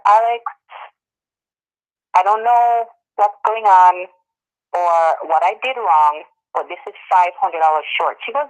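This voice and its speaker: A woman and former nanny, telling a story in a casual interview and acting out what others said. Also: low-quality recording. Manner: animated, acts out quotes with pitch jumps and laughs.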